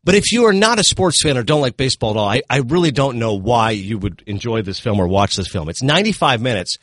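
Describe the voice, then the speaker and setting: A man reviewing films in a casual chat, animated and retelling scenes with quick asides. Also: medium pitch, no room sound, clean studio sound. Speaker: film critic.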